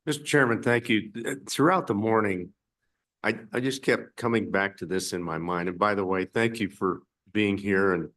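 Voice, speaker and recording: Low-voiced senator asking a hesitant question. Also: male voice, a bit bright. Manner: hesitant, stumbles and repeats words. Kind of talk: committee hearing question. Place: legislative committee hearing room.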